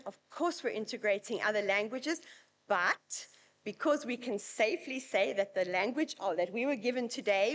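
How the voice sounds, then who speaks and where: A South African woman with a South African accent, giving a chatty, anecdotal conference presentation at a university event. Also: medium pitch. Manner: chatty, anecdotal, lightly humorous.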